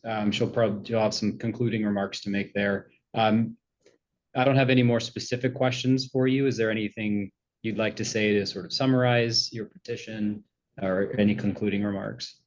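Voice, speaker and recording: A low-pitched man serves as judge, questioning witnesses in a courtroom hearing. He halts often and fills pauses with um and uh. The audio is muffled and lo-fi. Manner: halting, many fillers.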